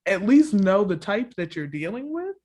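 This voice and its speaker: Woman podcast co-host, casual storyteller, laughs a lot, acts out the quotes. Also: moderate pace. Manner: animated storytelling, acts out quotes with big pitch jumps; laughs often, fills with "like" and "all the things". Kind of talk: casual chat recapping a reality show.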